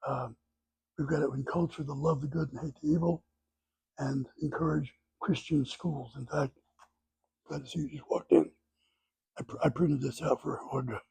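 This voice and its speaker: A man's voice: on the high side, fairly even intonation, normal speed, creaky, long pauses, darkish tone, breathy edge, no echo, low-quality recording. An older man giving a plain-spoken classroom lecture, talking in short phrases with restarts. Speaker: class teacher.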